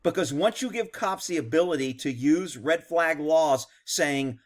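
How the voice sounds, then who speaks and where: A man's voice: fairly high pitch, measured pace. A man, a former police officer, giving blunt, profane, indignant commentary on a video. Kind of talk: reaction commentary.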